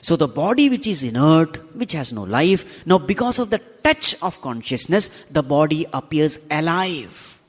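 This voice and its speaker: Emphatic swami in a reverberant hall. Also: male voice, on the high side, sing-song, moderate pace, few pauses. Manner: rhetorical questions to the audience, emphatic repetition. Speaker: swami teaching scripture. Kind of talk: spiritual discourse.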